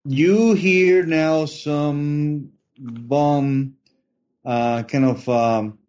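Slow, halting male game master. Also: on the high side, steady tone, a little mellow. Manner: slow, hesitant narration with many fillers. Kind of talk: narrating a tabletop horror game. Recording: dull lo-fi online voice chat.

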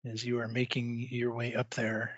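Man, game master, calm drawn-out narration, dull lo-fi call audio. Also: mid-range voice, dry recording. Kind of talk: narrating a tabletop horror game. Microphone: online voice call.

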